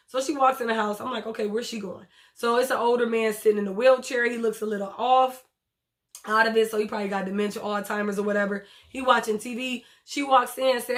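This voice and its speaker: A woman, recapping a TV episode in a casual, blunt, profane way with animated retelling and acted quotes. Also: on the high side, a little fast. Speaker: TV show reviewer.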